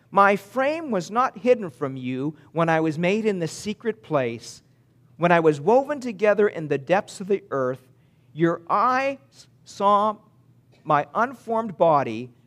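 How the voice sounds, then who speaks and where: A man delivers a sermon in a fairly high-pitched voice. He moves between loud, emphatic declarations and hushed, low passages. When he reads scripture, he slows down and weighs each word. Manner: reads scripture slowly and deliberately. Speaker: pastor.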